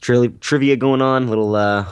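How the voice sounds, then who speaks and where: A man's voice: medium pitch, steady tone, normal speed, clean tone, no room sound, dull audio. A man co-hosting a movie podcast, rambling and joking with sarcastic asides. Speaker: podcast co-host. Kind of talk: casual movie podcast chat.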